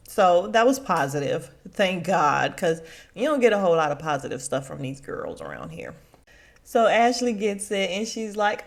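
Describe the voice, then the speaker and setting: A woman's voice: mid-range voice, very animated, moderate pace. A young adult woman hosting her own podcast, chatting casually and laughing as she acts out quotes in big voices. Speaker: podcast host recapping a reality show. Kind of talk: casual chat.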